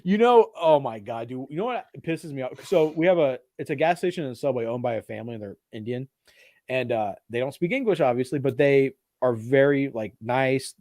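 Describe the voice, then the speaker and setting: A man co-hosting a casual film chat show, animated and swearing freely. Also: medium pitch, brisk, no echo, clean studio sound. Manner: animated, swears freely, does mocking put-on voices. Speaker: podcast co-host. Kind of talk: casual chat about films.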